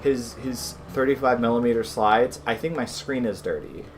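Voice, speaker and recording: A young man talks through a game in a loose, joking way, cursing now and then. His pitch sits in the ordinary middle for a man. A faint hiss runs under his voice. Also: moderate pace. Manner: offhand, joking, swears casually. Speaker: let's play host. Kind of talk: casual gameplay commentary.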